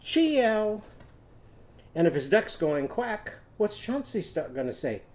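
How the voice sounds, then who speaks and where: A man with a slightly raised, mellow voice teaches phonics to young children. He tells a story in a gentle sing-song way, then leads them through chants and hand motions. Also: on the high side, very animated, moderate pace. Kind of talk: children's phonics lesson with songs.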